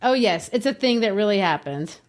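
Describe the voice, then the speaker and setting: A woman's voice: mid-range voice, animated, brisk. A middle-aged woman co-hosting a literature podcast, explaining verse rhythm like a teacher and tapping out the beats. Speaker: podcast co-host. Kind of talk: casual literature discussion.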